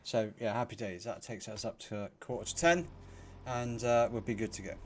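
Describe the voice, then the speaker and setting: A man hosting a casual live stream, chatty and quick to laugh, greeting viewers by name. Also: on the low side, fairly even intonation, slight background noise. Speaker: livestream host.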